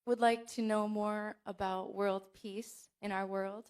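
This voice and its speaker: A woman in the audience asking a question, polite and soft-spoken, answering briefly. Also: mid-range voice, level tone, measured pace, smooth.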